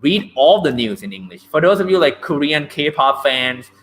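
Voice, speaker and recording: A man's voice: a little high, animated, normal speed, fairly bright tone, slight background noise. A man teaching an English reading lesson, chatty, ending points with "right?". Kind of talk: online lecture.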